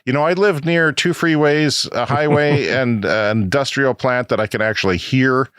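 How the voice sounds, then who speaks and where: An older man, co-hosting a podcast and telling a rambling, animated story with chuckles. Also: mid-range voice, moderate pace, smooth, no echo, studio quality. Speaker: podcast co-host. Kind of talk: casual chat.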